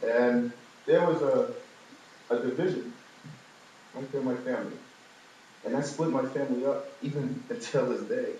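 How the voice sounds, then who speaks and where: A man's voice: moderate pace, long pauses, muffled recording, a little hiss or hum. Man telling a story in an echoey hall. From New York. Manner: storytelling, humorous asides, animated rises in pitch. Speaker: speaker giving a testimony. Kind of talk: personal testimony to a live audience. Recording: very echoey room, from far off.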